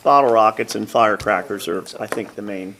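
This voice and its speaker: A man chairing a borough council committee meeting, running motions and votes with a wry, deadpan humor. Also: fairly low pitch, brisk. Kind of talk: meeting chair, dry joking. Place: council chamber. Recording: noisy council meeting recording.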